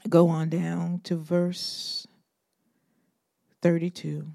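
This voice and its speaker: A woman preaching a sermon. She is animated and swings between loud emphatic bursts and hushed asides, acting out Bible figures in modern slang. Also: fairly low pitch, extremely slow, gravelly, dry recording, clean studio sound.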